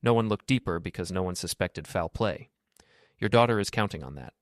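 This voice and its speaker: A man playing a grave, measured rich businessman. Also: sits low, lively intonation, no room sound, clean studio sound. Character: calm, wealthy older businessman, measured and grave. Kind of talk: audiobook drama reading.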